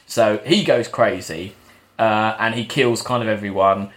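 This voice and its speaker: A man's voice: lowish voice, a little slow, a bit bright. A man co-hosting a podcast, casually recapping film scenes and quoting lines. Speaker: podcast co-host.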